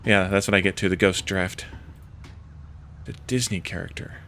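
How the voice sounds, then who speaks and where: A man's voice: sits low, steady tone, normal speed, bright, forceful tone, a little hiss or hum. A man streaming a video game, chatting casually with viewers and thinking aloud as he plays. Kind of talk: casual let's-play commentary.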